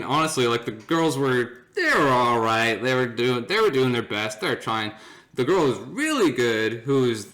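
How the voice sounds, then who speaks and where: Animated young man telling a story. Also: mid-range voice. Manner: animated, laughs often, acts out friends' voices. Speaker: podcast host. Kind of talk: casual storytelling.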